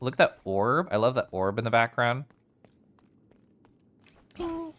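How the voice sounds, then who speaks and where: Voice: medium pitch, brisk, a bit bright, clean tone. A streamer giving chatty, playful live commentary while playing a game and joking with chat.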